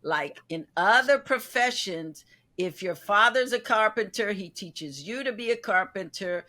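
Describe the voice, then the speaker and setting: Woman interviewer, mid-pitched, bright voice, chatty long questions. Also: expressive, a little slow. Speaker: interview host.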